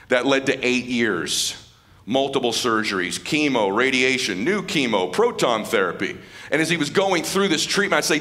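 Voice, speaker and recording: A middle-aged man giving an emotional stage speech as a motivational speaker, casual and slangy, dropping to a hushed voice in tender moments. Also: lowish voice, animated, fairly quick. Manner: casual and slangy, calling people dude and man. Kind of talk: emotional speech to a live audience. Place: stage at a live event.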